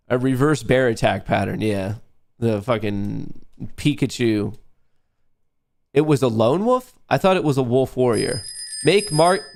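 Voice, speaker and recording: A man hosts a live trading stream, chatting casually as he trades in a rambling, profane way. His nasal voice is medium-pitched and a little mellow.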